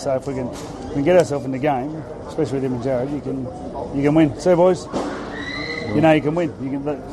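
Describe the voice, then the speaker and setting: Upbeat Australian coach over street noise. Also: male voice, medium pitch. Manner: upbeat, rambling, filler-heavy. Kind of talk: casual phone interview.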